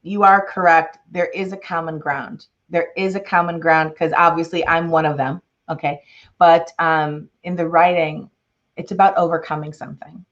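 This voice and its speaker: A woman with a Chicago accent and a low voice speaks as an interviewed author, expressive and lively in her telling. The sound is dull and lo-fi, like a video call. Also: moderate pace. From Chicago, Illinois. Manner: expressive, animated, laughs often. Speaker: author and guest. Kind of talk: interview conversation and reading aloud.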